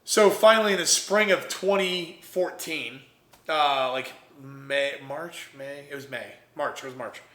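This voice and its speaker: Energetic man telling a story. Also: on the high side, measured pace, echoey room. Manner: energetic, acts out quoted voices. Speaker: podcast guest, entrepreneur. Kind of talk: animated storytelling.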